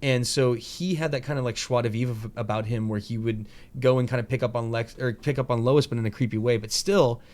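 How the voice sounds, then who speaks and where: This podcast host speaks at a middling pitch, chatting casually and at length. He rambles through animated retellings of scenes, sprinkling in fillers, mild swearing and quick impressions.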